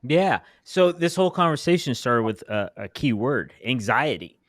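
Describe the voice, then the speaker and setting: A man's voice: mid-range voice, big pitch swings, moderate pace, a bit bright, no echo, clean studio sound. A man hosting an interview show, affirming his guest and steering the questions. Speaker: podcast host. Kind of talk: conversational interview.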